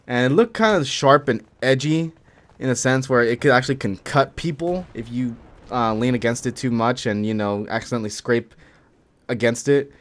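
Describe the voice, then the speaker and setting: A man's voice: mid-range voice, normal speed. A young man telling a long story over gameplay in a casual, rambling way, swearing often and filling with "like". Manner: rambling, profane, filler-heavy. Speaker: gaming commentator.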